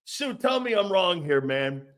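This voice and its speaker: Guy rambling on a sports talk show, slow drawl, laughs a lot, kinda profane. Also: high voice, very animated, a bit bright. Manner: rambling, joking, laughs often; blunt, profane.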